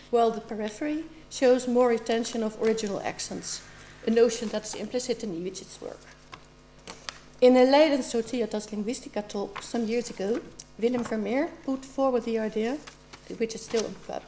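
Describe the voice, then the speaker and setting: A woman's voice: on the high side, darkish tone, a little hiss or hum. A middle-aged woman asking formal, precise questions as an examiner at a doctoral defense. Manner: measured and precise, with occasional ums.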